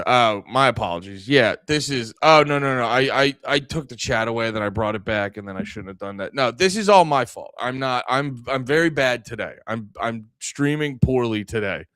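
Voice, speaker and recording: A man's voice: medium pitch, fairly bright tone, clean tone, no echo. A man hosting a livestream podcast, ranting angrily and profanely, rambling with many restarts into a close mic.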